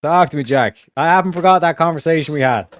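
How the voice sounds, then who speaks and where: A man's voice: a little high, fast talker, dry recording. An Irish man hosting a stream in casual chat, rambling and swearing, repeating his catchphrases. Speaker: streamer host.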